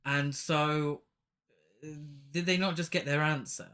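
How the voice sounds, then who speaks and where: A podcast co-host in casual chat, talking haltingly with many restarts and making dry, deadpan remarks about a film. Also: medium pitch, clean tone.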